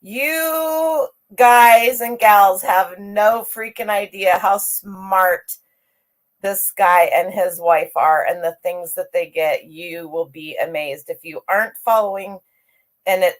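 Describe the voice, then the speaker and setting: A middle-aged woman hosting a casual livestream, chatty and upbeat as she greets viewers by name. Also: on the low side. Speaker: livestream host greeting chat.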